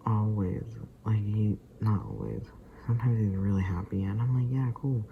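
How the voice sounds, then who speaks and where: Low gravelly man, half-whispered vlog talk. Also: fairly even intonation, moderate pace, phone-quality sound, a little hiss or hum. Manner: often drops to a soft unvoiced whisper; loose and rambling, full of fillers and asides. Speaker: vlogger. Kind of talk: casual rambling vlog talk.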